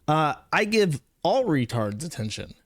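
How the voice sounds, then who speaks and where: A man's voice: on the high side, big pitch swings, unhurried, fairly bright tone, dry recording, clean studio sound. A man hosting an online commentary show, talking in a mocking, rambling way. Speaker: host. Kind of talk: casual commentary chat.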